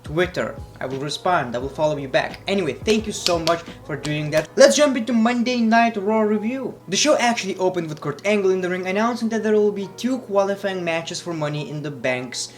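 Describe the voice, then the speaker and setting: High-voiced guy, blunt sarcastic wrestling rant, light music under it. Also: animated, brisk, hardly any pauses. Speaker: wrestling review youtuber. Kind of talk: casual vlog commentary.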